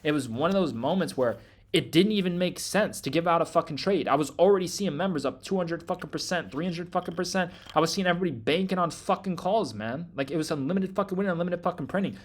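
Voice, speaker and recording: A man's voice: on the high side, fast talker. Fired-up profane man hyping trades. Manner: loud, profane and emphatic, repeating "man" and swearing constantly. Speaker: trading group host. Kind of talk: hyped promotional rant.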